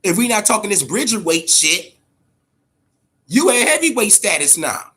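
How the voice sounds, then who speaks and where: A man hosting a boxing talk show, giving casual, profane commentary in an animated way, often repeating words and tagging on "man" and "all right?". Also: high-pitched, moderate pace, slightly rough. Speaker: boxing podcast host.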